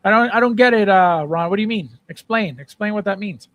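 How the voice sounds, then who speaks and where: High-voiced animated male livestream host. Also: a little fast, dry recording, muffled recording. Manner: animated, repeats phrases, playful shouting bits. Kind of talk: casual live chat reading viewer comments.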